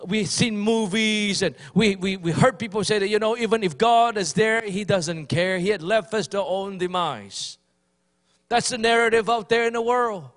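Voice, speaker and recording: A man's voice: high voice, fairly bright tone, long reverb tail. A male pastor preaching a Sunday sermon, fervent and repetitive, calling on the congregation to respond. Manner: fervent, repetitive, mimics pleading prayers.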